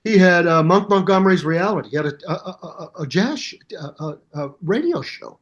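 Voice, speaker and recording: A man in his seventies, a musician guest in an interview, telling anecdotes in a hyper, animated way and acting out the voices of people in his stories. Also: high voice, fairly quick, muffled recording. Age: 70s. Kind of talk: storytelling interview.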